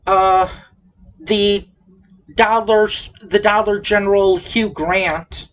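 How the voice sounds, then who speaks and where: A woman's voice: medium pitch, steady tone, takes it slowly. A woman with a mid-range voice recaps a film in casual chat. She wanders into jokey tangents and running gags, and her talk is loose and unscripted. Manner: rambling, jokey, full of tangents and asides. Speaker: podcast host reviewing a movie.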